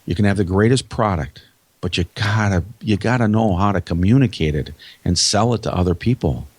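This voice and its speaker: A man's voice: lowish voice, brisk, slightly rough, dry recording. A man with a Minnesotan accent, a sales trainer speaking as a podcast guest in an emphatic, motivational way, repeating his key phrases. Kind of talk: podcast interview.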